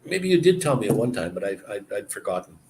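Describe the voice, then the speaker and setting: A man's voice: fairly low pitch, sing-song, quick pace, creaky, noisy background. A man hosting a live stream, chatting casually and rambling from one story to the next with chuckles.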